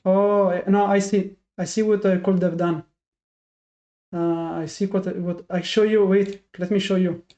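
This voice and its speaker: A man's voice: high-pitched, flat delivery, a little slow, dark tone. A man streaming his live day trading and talking to his chat, frustrated and self-critical, thinking aloud with many restarts. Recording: dull lo-fi sound.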